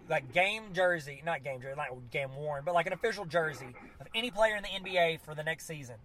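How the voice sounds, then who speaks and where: A man co-hosting a casual sports podcast, joking and animated, laughing at his own jokes. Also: a little high, quick pace, few pauses. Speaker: podcast co-host. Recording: lo-fi office recording with faint background noise.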